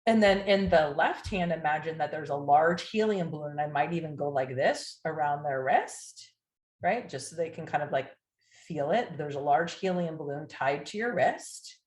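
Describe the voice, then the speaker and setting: A woman's voice: low-pitched, normal speed, darkish tone. A woman teaching hypnosis in a chatty, casual way, with many "like"s and "right?"s, sometimes acting out a client or a soothing hypnotist line. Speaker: hypnosis coach.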